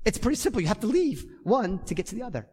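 A man's voice: sits high, big pitch swings, rapid-fire, darkish tone, breathy edge. A man preaching a sermon as pastor in a church, emphatic and repeating key phrases. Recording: long reverb of a church hall.

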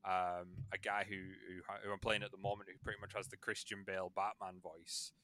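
A man hosting a podcast and acting as game master, in a relaxed and rambling casual chat with many fillers. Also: low-pitched, fairly quick.

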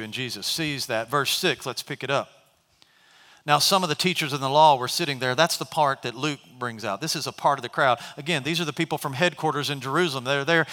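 Animated preacher in a reverberant hall. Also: male voice, a little high. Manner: animated storytelling, acts out characters. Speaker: pastor. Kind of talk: sermon. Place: church sanctuary.

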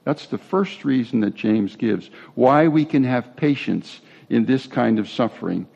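Speaking at a measured pace, a pastor with a medium-pitched, gravelly, creaky voice preaches casually, pausing for asides and restarting thoughts. The audio is dull and lo-fi.

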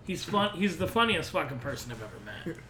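A man in his thirties co-hosting a podcast, telling stories in animated, profane casual chat. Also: on the high side, brisk, noisy background. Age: 30s. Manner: animated storyteller, swears freely. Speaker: podcast co-host. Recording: roomy echo.

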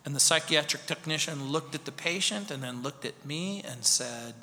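A man in his fifties preaches a sermon and tells a story with drama, rising high, then sinking to a hush. His voice is very bright and fairly high. A long reverb trails off around him in a hall. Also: expressive, moderate pace, hardly any pauses, a little hiss or hum. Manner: dramatic storytelling, swinging from loud to hushed. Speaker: pastor.

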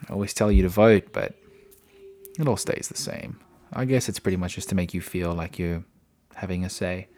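A man's voice: sits low, creaky, a little mellow. A man hosting a casual solo podcast, rambling chattily from topic to topic with frequent fillers and restarts, recorded indoors at home. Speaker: podcast host.

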